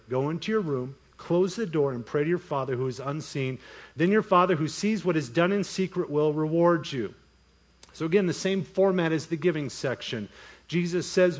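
A man preaching a sermon as pastor, breaking into voiced asides and mock inner monologues. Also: fairly high pitch.

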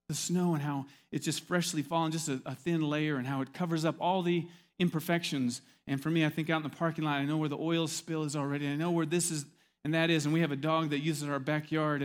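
Man, pastor, sermon, emphatic, storytelling, repetitive, slightly high voice. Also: steady tone, fairly quick.

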